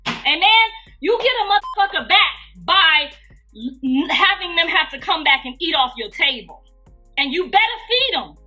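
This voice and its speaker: A woman's voice: very high-pitched, very animated, moderate pace, pushed and bright, lo-fi sound, faint music behind. A woman hosting a live gossip stream, preaching emphatically and calling out to her listeners. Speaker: gossip channel host.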